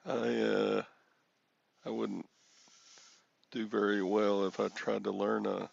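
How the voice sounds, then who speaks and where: Gravelly guy rambling on his livestream, says hi to chat by name, kinda husky, dry little room. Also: on the low side, no echo, dull audio. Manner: rambling, self-deprecating, greets chat viewers by name. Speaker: livestream host. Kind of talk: casual solo livestream chat with viewers.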